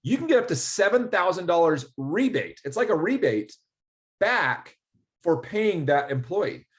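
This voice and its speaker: A man's voice: sits high, unhurried. A man explaining a business tax refund in a casual interview, telling stories and acting out conversations. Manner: animated storyteller, acts out quoted dialogue. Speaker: ERC specialist guest.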